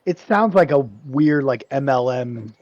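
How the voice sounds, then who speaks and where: A man's voice: mid-range voice, animated, a little slow, darkish tone, no room sound, lo-fi sound. A man playing a tabletop game, joking and hesitant with fillers. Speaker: player. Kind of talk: casual tabletop game play.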